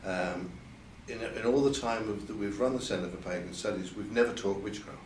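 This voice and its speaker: In a candid interview recorded at an event venue, an older man with a voice on the low side talks about his past at a moderate pace. He's hesitant, says words twice, and quotes others in a lifted voice. Slight background noise and faint ambience come through the distant mic's roomy sound.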